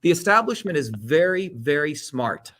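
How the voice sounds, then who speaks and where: This middle-aged man from India has a slightly high, very animated voice, a moderate pace, and a fairly bright tone. Appearing as a guest in an interview, he argues politics heatedly, speaking bluntly, cursing openly, and imitating others.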